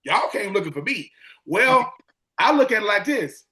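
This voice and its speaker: A man in his forties, a former football player telling animated stories on a casual podcast, acting out quotes and repeating words. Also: high-pitched, moderate pace. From Swainsboro, Georgia.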